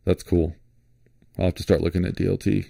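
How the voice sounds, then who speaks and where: Laid-back low-voiced man musing aloud. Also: a little fast, creaky, no echo, clean studio sound. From Florida. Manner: rambling, relaxed, thinks aloud with many fillers and restarts. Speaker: flashlight vlogger. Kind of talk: casual screen-share commentary.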